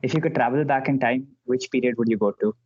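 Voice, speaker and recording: A man hosting a casual podcast, relaxed, asking quick questions and laughing often. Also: mid-range voice, lo-fi sound. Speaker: podcast host.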